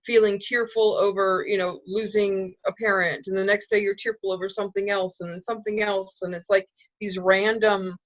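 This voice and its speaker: A woman's voice: medium pitch, flat delivery, normal speed, hardly any pauses, no echo, lo-fi sound. A woman co-hosting a casual spiritual chat, reassuring and thoughtful as she explains. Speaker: spiritual co-host.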